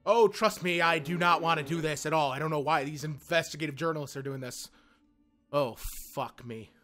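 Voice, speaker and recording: A man's voice: fairly high pitch, moderate pace, bright, forceful tone, faint music behind. A man playing a horror game, panicking, swearing and pleading with the game as he goes. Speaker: let's play gamer.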